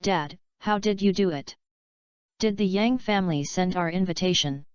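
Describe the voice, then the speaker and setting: A woman's voice: on the low side, moderate pace, no room sound, highs cut off, close to an everyday voice. A woman reading a bragging spoiled rich son. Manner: smooth-talking, bragging. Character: boastful young man, spoiled rich son.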